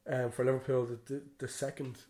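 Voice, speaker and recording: A man's voice: mid-range voice, little pitch movement, fairly quick, mellow. An Irish man co-hosting a podcast, rambling through a story in casual chat and swearing freely. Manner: rambling, swears freely, "you know what I mean". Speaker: podcast co-host.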